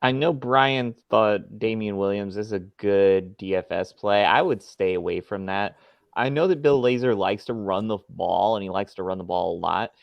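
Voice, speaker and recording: Man, low voice, dry close sound, casual podcast co-host, confident. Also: moderate pace, vocal fry, dry recording, dull audio. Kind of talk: casual fantasy football chat.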